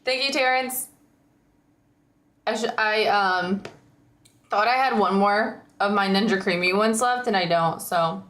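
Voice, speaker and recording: A woman livestreaming from home, chatting casually with viewers in a rambling way, her voice slightly hoarse. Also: medium pitch, a little slow, pauses often, a bit bright, reverberant. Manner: rambling, chatty, frequent likes and ums.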